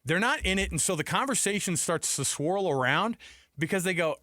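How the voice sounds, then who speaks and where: Male sports radio co-host, animated and emphatic, a bit high-pitched, dry close mic. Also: quick pace, dry recording. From United States. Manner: emphatic, acts out quotes with rhetorical questions.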